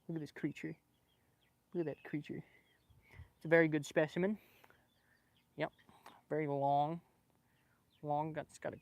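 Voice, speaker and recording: A man livestreaming casually from his backyard with a small clip-on microphone, excitable and joking with his viewers. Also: fairly high pitch. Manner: excitable, laughing, swearing, chatting with viewers. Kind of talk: casual live stream chat. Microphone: small clip-on microphone with a phone.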